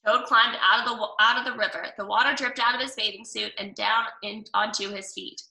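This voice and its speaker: Woman reading a kids' storybook, bright, slightly high, roomy room. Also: steady tone, a little fast, creaky. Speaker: storybook reader. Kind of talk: reading a children's book aloud. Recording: roomy, mic at a distance.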